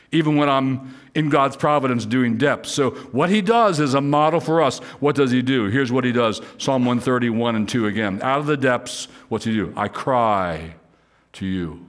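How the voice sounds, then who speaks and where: A man's voice: mid-range voice, a bit bright. A man preaching a sermon in an earnest way, rising to fervent pleas when voicing prayers and often repeating words as he goes. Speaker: pastor.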